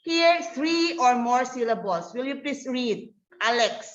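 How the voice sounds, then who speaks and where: A woman teacher walks her class through grammar at an unhurried pace, repeating each point and asking if they follow. Her slightly high voice carries through an echoey classroom, picked up on a dull, lo-fi recording. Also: expressive. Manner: slow, repetitive, checks understanding with "okay?". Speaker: English teacher. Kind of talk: grammar lesson to a hybrid class.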